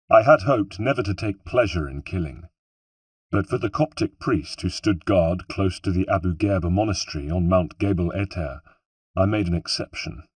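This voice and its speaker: A man reads a story aloud in a low, husky voice. His delivery is measured and somber. The sound is dry and comes from a little back from the mic. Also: dry recording, distant mic. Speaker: audiobook narrator. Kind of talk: scripted first-person narration.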